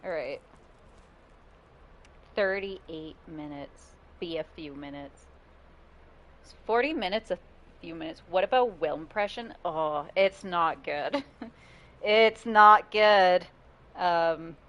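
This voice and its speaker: A woman's voice: low voice, expressive, slow pace, long pauses. A woman streaming a video game, talking casually with chat, swearing often and laughing between remarks.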